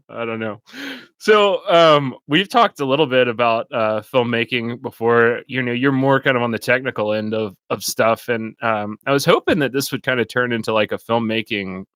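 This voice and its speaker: A man's voice: medium pitch, moderate pace, a bit bright, clear, resonant tone, no echo, studio quality. A man hosting a podcast in casual chat, rambling with lots of fillers and frequent laughter. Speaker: podcast host.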